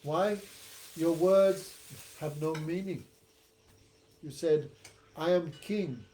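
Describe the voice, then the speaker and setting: A man speaking as a serene, unshakable servant who calmly lectures a king on how temporary the world is. The voice stays close to the storyteller's own, and it is even and measured, with a fairly high male pitch. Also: a little hiss or hum. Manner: calm, steady, instructive. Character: calm, wise male servant philosopher.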